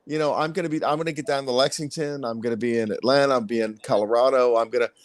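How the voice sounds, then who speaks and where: A man's voice: mid-range voice, steady tone, fast, dry recording. An older man from Baltimore co-hosting a casual late-night chat, easygoing and chummy. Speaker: co-host.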